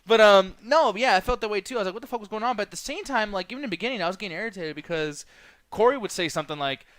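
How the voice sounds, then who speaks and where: Male podcast host, profane rambling chat, fast, bright tone, dry close sound. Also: high-pitched, dry recording. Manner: profane, rambling, laughs a lot. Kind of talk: casual chat.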